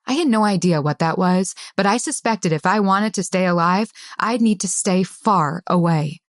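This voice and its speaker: A woman narrating an audiobook in a tense, measured first-person style. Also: fairly low pitch, no room sound, studio quality.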